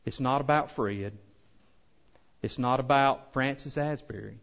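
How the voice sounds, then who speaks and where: A pastor preaching a sermon with impassioned swells that drop to soft, earnest appeals. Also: male voice, mid-range voice, measured pace, creaky, lo-fi sound. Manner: impassioned preaching, rising loud then softening.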